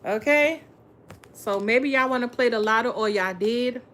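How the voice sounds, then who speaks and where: A woman's voice: on the high side, unhurried, fairly bright tone. A woman giving a casual tarot reading, blunt and full of profanity and slang, talking straight to her viewers. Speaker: tarot reader.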